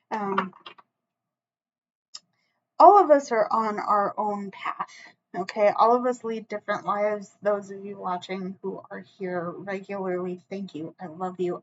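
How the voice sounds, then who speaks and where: A woman with a mid-range voice gives a solo tarot reading to camera, earnest, emotional and close to tears. She restarts often and keeps offering a reassuring "okay?", and the lo-fi recording has a little hiss or hum.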